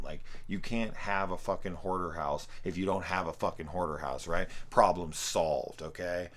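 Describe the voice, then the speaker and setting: A man with a very low voice rambles through a casual film review. He swears constantly and his asides are heavy with sarcasm. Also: fairly even intonation, normal speed, hardly any pauses.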